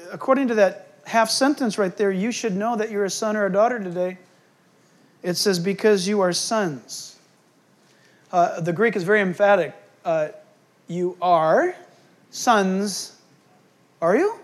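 A man preaching a sermon as pastor, swinging between loud emphatic bursts and quiet, hushed asides. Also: high-pitched.

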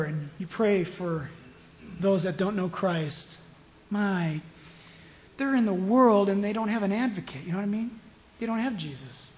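A male pastor preaching a sermon, telling a story and swinging between hushed asides and loud emphatic bursts. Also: high voice, a little hiss or hum, low-quality recording.

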